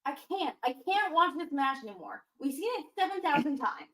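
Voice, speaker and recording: A woman in casual chat, rambling and full of restarts. Her voice sits a bit higher than most women's. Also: sing-song, a little fast, bright, forceful tone, reverberant, rough recording. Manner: chatty, rambling, with many restarts and fillers. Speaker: podcast co-host.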